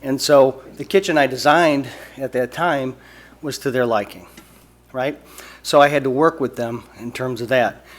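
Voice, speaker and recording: A man's voice: mid-range voice, normal speed. Architect guy at a city meeting, chatty, keeps saying right. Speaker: architect speaking as public commenter. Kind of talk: public comment at meeting. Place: council meeting room.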